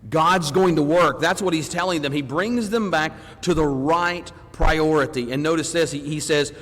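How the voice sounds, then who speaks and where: Animated preacher in a reverberant church. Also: male voice, on the high side, moderate pace, few pauses. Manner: animated, swings between loud emphasis and quiet asides; acts out congregants' voices mid-sermon. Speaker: preacher teaching a Bible class. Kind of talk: sermon. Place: church sanctuary.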